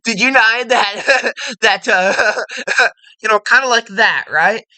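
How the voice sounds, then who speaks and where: Brief: woman parodying a smug chuckler who stresses every word; raised pitch. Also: unhurried, pushed and bright. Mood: mocking. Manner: giggling, overemphasized, condescending. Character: smug mocking man who laughs at everything.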